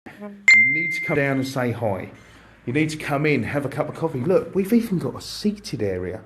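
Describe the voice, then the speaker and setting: An excitable man talking straight to his online viewers from inside his shop. His voice sits at an ordinary middle pitch, and he chats in a loose, jokey way, greeting people and wandering between asides. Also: moderate pace, husky. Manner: chatty, excitable, jokey, addresses viewers directly. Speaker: airsoft shop owner. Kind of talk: casual live stream chat.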